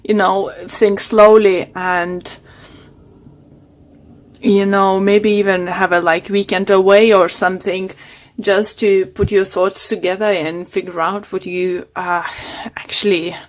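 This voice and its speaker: A woman's voice: medium pitch, little pitch movement, slow pace. Woman tarot reader losing her voice. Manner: hesitant, many fillers and restarts. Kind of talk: casual tarot reading monologue.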